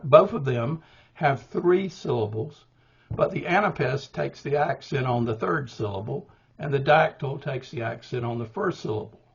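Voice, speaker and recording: An older man teaching a poetry workshop, explaining meter in a deliberate way with small restarts. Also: a little high, gravelly, husky. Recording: dull, muffled recording.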